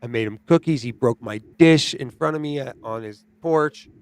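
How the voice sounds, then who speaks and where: A man's voice: mid-range voice, moderate pace, clear, resonant tone, no room sound. Podcast host guy, chatty, goes "right?" and "dude" a lot, mid voice, dry close sound. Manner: animated storyteller, says "right?" and "dude" often. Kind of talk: casual chat.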